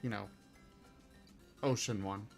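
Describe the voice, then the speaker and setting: A man in a casual tabletop game session, rambling slowly and trailing off. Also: fairly low pitch, steady tone, vocal fry, faint music behind.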